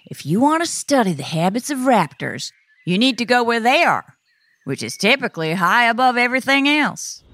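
A woman's voice: on the high side, very animated, normal speed, a bit bright, a little hiss or hum. A woman playing an ornithologist guest, explaining facts in a friendly way on a kids' science show. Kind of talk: scripted educational dialogue.

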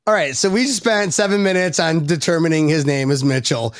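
A man hosting a casual podcast, excitable and teasing, swearing freely. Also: a little high, fairly quick, dry recording, clean studio sound. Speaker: podcast host.

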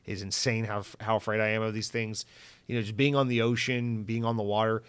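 A man's voice: on the low side, flat delivery, brisk, fairly bright tone, clear, resonant tone, no echo. Profane, rambling man on a podcast. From Central Florida. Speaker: podcast host. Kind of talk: casual chat.

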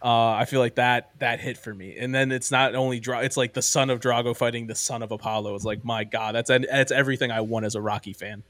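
A man's voice: medium pitch, steady tone, brisk, few pauses, a bit bright, dry recording. A man hosting a podcast, chatting casually and enthusiastically about ranking movies, rambling with lots of "like" and "um". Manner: enthusiastic, rambling, heavy use of "like" and "um". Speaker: podcast host.

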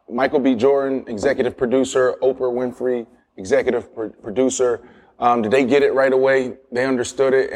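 A male interview host asks relaxed questions, loosely phrased and dotted with fillers. His voice sits at an ordinary pitch for a man. The recording has a long, echoey reverb. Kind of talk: casual interview.

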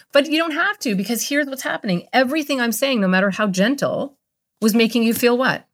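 A woman speaking as a guest expert on a podcast, explaining a calming technique with quick role-play examples. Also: fairly high pitch. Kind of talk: conversational interview.

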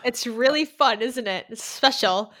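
A woman's voice: fairly high pitch, unhurried, fairly bright tone. A woman with a Boston accent, a music reviewer guesting on a podcast, chatting emphatically with mock exasperation. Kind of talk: casual podcast chat.

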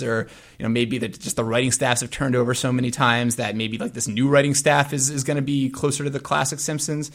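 Gravelly man hosting a casual music podcast. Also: mid-range voice, fast, fairly bright tone. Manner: long, meandering sentences. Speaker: podcast host.

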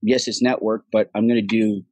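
A man being interviewed as an actor guest, telling stories in a casual, profane, animated way and acting out what others said. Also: fairly low pitch, brisk, dry recording, low-quality recording.

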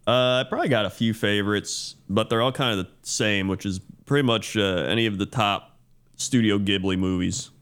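A man's voice: lowish voice, a little fast, a bit bright, smooth. A man co-hosting a podcast in casual chat, laid-back and rambling, laughing often. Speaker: podcast co-host.

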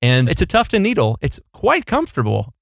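A man's voice: a little high, wildly swooping pitch, brisk, creaky, no echo, clean studio sound. A young adult man co-hosting a podcast in a casual, playful chat, telling jokey stories. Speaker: podcast co-host.

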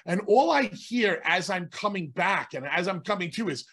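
Bright-voiced man telling stories. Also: sits high, expressive, moderate pace, hardly any pauses. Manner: rambling, restarts, self-interrupting. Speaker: podcast co-host, former wrestler. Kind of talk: casual storytelling.

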